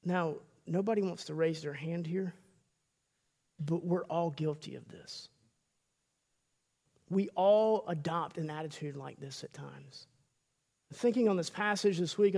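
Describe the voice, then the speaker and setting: High-voiced gravelly male preacher. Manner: emphatic, stammering restarts, acts out quoted voices. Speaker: pastor. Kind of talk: sermon.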